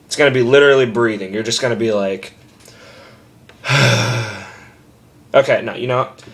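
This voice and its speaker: A young man talks fast at a medium pitch while rambling through a screaming lesson he made at home. Swearing liberally and ribbing himself, he sounds like he's being recorded through a simple camera mic.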